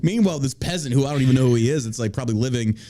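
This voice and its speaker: A man's voice: mid-range voice, expressive, rapid-fire, warm tone. A man hosting a podcast in casual banter, brash and profane, mocking his critics. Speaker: podcast host.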